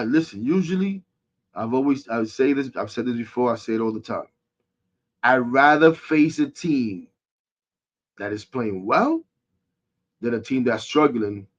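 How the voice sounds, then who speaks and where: A man rants about his team on a sports podcast, frustrated and animated. His mid-pitched voice jumps from loud outbursts to low muttering. The recording sounds dull and lo-fi. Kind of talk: casual sports rant.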